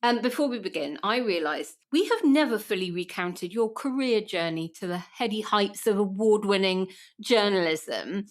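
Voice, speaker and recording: A woman's voice: mid-range voice, animated, normal speed. Upbeat female podcast host. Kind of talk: podcast intro and interview.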